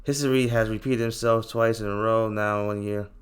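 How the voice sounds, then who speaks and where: A man hosting a trading channel, giving casual chart commentary to his viewers in an animated, teasing, slangy way, repeating himself for emphasis. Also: lowish voice, normal speed, smooth.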